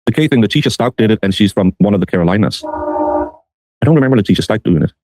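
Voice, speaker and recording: Male stream host, dark low voice, loose and rambling delivery. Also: lively intonation, quick pace, no echo, soft background music. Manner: rambling, self-correcting. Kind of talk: casual live-stream chat.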